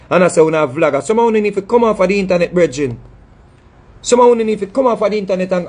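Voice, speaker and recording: Husky-voiced Jamaican man, emphatic and scolding. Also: high voice, a little mellow. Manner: emphatic and scolding, repeats phrases and stumbles on words. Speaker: dancehall artist speaking to his audience. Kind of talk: impassioned monologue.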